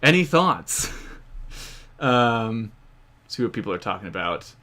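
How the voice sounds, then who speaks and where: A man's voice: fairly low pitch, very animated, slow, bright, forceful tone. An American man hosting a casual live-stream Q&A, rambling with many fillers and frequent chuckles. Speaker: history channel host.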